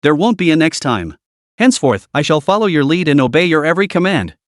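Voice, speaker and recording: A man playing a frightened male underling who pledges obedience in a low, submissive voice. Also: very animated, fast talker, dry recording, studio quality.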